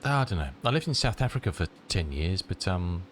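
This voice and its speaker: This is a middle-aged man from the south of England, speaking with a southern English accent and a stuffy, congested voice from a lingering cold. His pitch sits very low, and he rambles in a friendly way as he answers viewers on a live stream. Faint hiss runs behind him. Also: big pitch swings, brisk. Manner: chatty, rambling, answering chat. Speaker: flight-sim streamer. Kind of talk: casual live-stream chat.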